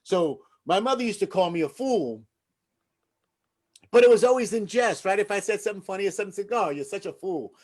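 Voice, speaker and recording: A man's voice: high voice, a little fast, a little mellow. A man hosting an open mic comedy show over a video call, doing a chatty stand-up bit, laughing and asking the crowd "right?".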